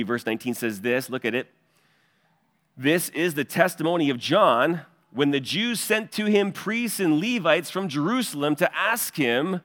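A man delivers an expository sermon, his voice sitting a little higher than most men's. He teaches with an earnest cadence and steers his listeners to the verses. His words ring out with a long reverb, as in a large church sanctuary. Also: a bit bright. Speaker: pastor.

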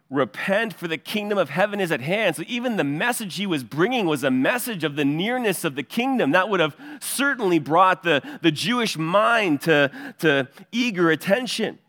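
A man's voice: a little high, animated, moderate pace, a bit bright, big-room sound. A male pastor preaching an expository sermon in an earnest teaching cadence, pointing listeners to verses.

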